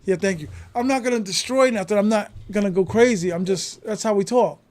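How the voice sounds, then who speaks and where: High-voiced New man, emphatic. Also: a little fast. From New York City. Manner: emphatic, animated storytelling with frequent swearing. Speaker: podcast guest. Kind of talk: casual conversation.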